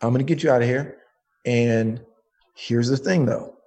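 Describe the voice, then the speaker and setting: A man voicing God as a calm, knowing male spirit who chides and swears, speaking slowly and higher than his own voice. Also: lightly acted. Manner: slow, teasing, profane.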